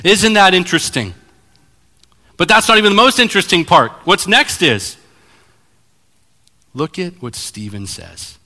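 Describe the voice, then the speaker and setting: A man preaching a sermon as pastor, animated and acting out Bible scenes. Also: sits high, a little slow, pauses often. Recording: long hall reverb.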